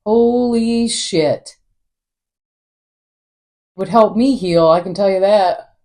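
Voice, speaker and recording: A woman's voice: mid-range voice, takes it slowly, a little mellow. A woman hosting her own podcast, talking alone in a candid, rambling way and swearing freely. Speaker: podcast host. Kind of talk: casual solo monologue.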